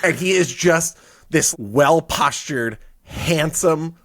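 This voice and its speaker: A man's voice: a little high, slow pace, fairly bright tone, dry recording, studio quality. A man co-hosting a podcast, joking with playful, witty wordplay in a casual chat. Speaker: podcast co-host.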